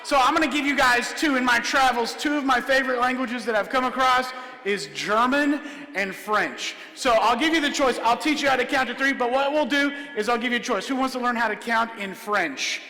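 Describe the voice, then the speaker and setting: A man performing a comedic illusion show for children, jokey and energetic, often checking in with "all right?". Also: very high-pitched, brisk, creaky. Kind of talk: comedic stage magic show for kids. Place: large church hall with high ceiling. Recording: echoey hall, live stream.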